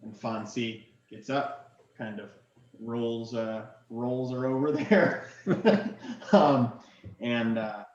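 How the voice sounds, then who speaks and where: A man narrating as game master in a relaxed way with many fillers, recorded in an echoey room with dull, lo-fi sound. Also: mid-range voice, slow pace.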